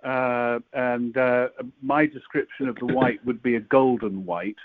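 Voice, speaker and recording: A man talking in casual chat, halting and stammering often as he recounts an experience. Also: medium pitch, steady tone, no echo. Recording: dry tinny phone-like line.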